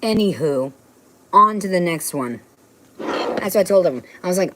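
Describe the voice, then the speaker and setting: A woman's voice: fairly low pitch, expressive, moderate pace, pauses often, a bit bright, slight background noise, low-quality recording. A woman on a rambling livestream from her home, ranting and swearing in an agitated way. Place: home, indoors.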